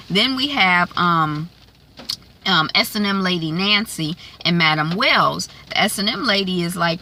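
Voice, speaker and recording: Chatty woman recapping a show, bright clear voice, lots of ums and restarts, bit of hiss behind. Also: fairly low pitch, expressive, unhurried. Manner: chatty, rambling, many fillers and restarts. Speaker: TV recap vlogger. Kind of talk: casual episode recap.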